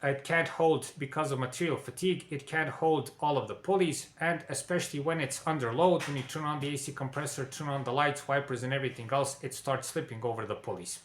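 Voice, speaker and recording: In this instructional explainer, a man's medium-pitched voice moves briskly with few pauses, in a roomy-sounding space. He guides "dear viewers" through the warning signs of car trouble one step at a time, frequently adding "okay?" to check they're following.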